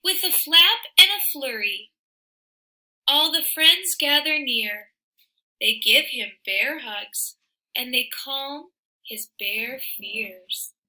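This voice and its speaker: A woman reading a children's picture book aloud in an expressive, sing-song way, with soft asides to the listener. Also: high-pitched, slow pace, low-quality recording. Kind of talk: read-aloud storytelling for children.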